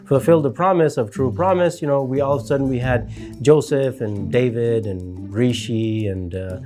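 A man's voice: medium pitch, moderate pace, a little mellow, soft background music. A man giving a rambling, casual monologue commentary, full of fillers and mocking asides. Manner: rambling, heavy with fillers, mocking put-on voices. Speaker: political commentator.

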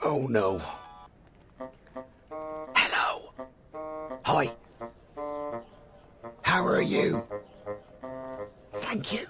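A man's voice: medium pitch, wildly swooping pitch, drawn-out words, long pauses, over music, exaggerated voice. An actor dubbing an anxious man who soothes and reassures the person he talks to while hiding his own troubles. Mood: reassuring. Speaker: shopkeeper. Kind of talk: dubbed film dialogue.

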